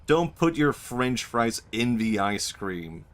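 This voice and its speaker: A man's voice: mid-range voice, sing-song, takes it slowly. A man streaming a video game, chatting casually, laughing often, rambling and swearing. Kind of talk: casual gameplay commentary. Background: game music.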